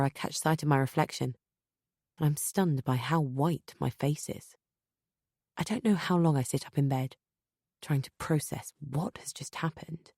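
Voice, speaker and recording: Low-voiced woman narrating an audiobook. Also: mellow, no echo, clean studio sound. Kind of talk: first-person audiobook narration.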